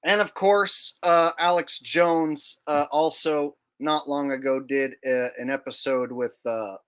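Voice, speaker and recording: A man's voice: a little high, steady tone, takes it slowly, a bit bright, clear, resonant tone. A man hosting a casual livestream, joking and rambling while reading chat aloud. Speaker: livestream host.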